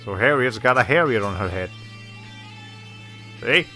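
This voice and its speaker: A man's voice: mid-range voice, lively intonation, unhurried, pushed and bright, soft background music. A man giving casual, rambling commentary while playing a video game. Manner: rambling, self-correcting, chuckling. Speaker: streamer. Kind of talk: casual let's play commentary.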